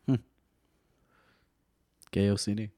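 A hoarse man co-hosting a podcast in casual chat, teasing and laughing often. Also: slow pace, mellow, no room sound, clean studio sound. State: hoarse from being sick. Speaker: podcast co-host.

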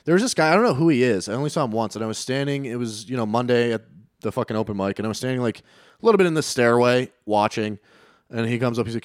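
A man's voice: medium pitch, very fast, no echo, clean studio sound. A man, a stand-up comedian chatting casually, swearing often and acting out quotes as he tells stories. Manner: profane, storytelling with acted-out quotes. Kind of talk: casual podcast chat.

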